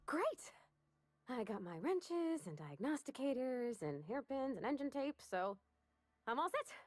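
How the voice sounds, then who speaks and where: A woman's voice: high voice, big pitch swings, unhurried, no room sound, full character voice. A woman voicing a shy, eager young woman mechanic in a video game, who talks hesitantly and is keen to please. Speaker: game character.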